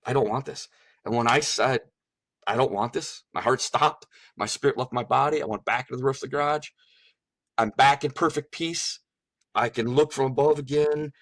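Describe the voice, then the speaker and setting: A man's voice: mid-range voice, moderate pace, a bit bright, no echo. A middle-aged man earnestly recounting a personal testimony, repeating phrases for emphasis. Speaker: guest sharing a testimony. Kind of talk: emotional personal storytelling.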